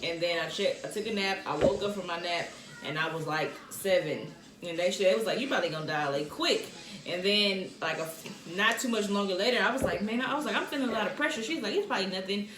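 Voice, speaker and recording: A woman in a casual chat who talks in a lively way and laughs along. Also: mid-range voice, brisk, reverberant, a crowd in the background.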